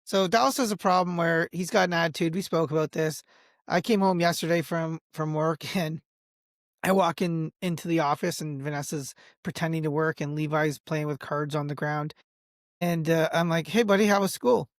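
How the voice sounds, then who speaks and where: Brief: man in his thirties, podcast co-host, relaxed and teasing, close dry recording. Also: a little high, normal speed, no echo. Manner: laid-back and teasing. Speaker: father. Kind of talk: casual chat.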